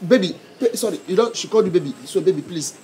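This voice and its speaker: A man's voice: high-pitched, expressive, quick pace, darkish tone, a little hiss or hum. A man with a Nigerian English accent playing a waiter in a comedy skit, politely insisting on payment with a mocking edge.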